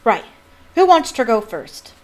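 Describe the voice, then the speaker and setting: Woman doing a gruff, kindly giant gamekeeper. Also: on the high side, very animated, measured pace. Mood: eager. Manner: rustic country speech, dropped words.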